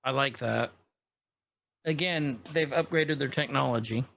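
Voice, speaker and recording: A man's voice: mid-range voice, unhurried, vocal fry, a bit bright, slight background noise. A man co-hosting a podcast, casually recapping a show episode in a rambling way with lots of fillers. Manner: rambling recap, quoting characters loosely with fillers. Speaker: podcast co-host.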